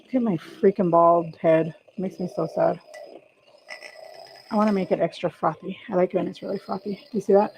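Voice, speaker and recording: A middle-aged woman with a mellow, warm voice hosts a casual home livestream. Her talk is chatty and rambling, and she keeps turning to greet viewers by name as she moves around. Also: fairly low pitch, fairly even intonation, a little fast, vocal fry, a little hiss or hum, poor audio. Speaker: livestream host.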